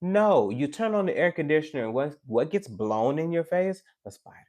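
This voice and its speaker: On his tarot live stream, a man with a slightly high voice talks to the chat at a normal speed. He's lively and casual, mixing preachiness with jokes and teasing his viewers along the way.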